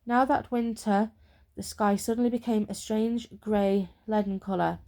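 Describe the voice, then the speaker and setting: Soft-spoken woman reading a storybook aloud. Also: mid-range voice, steady tone, vocal fry. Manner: slow and soothing.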